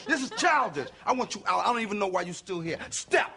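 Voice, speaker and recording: An actor playing a brash, quick-tempered boyfriend in a sitcom, talking loud with exaggerated comic bluster. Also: male voice, sits high, lively intonation, vocal fry. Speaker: sitcom character. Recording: noisy sitcom clip with audience laughter.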